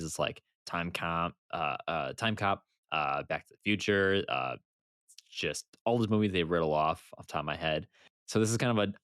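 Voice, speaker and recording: A man co-hosting a casual podcast, animated and laughing often as he retells funny movie moments. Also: low voice, clear, resonant tone, dry recording, studio quality. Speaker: podcast co-host. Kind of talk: casual chat.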